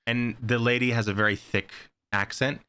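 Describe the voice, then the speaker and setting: A man co-hosting a casual horror podcast, rambling excitedly with lots of "like" fillers. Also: medium pitch, moderate pace, smooth. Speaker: podcast co-host. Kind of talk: casual chat.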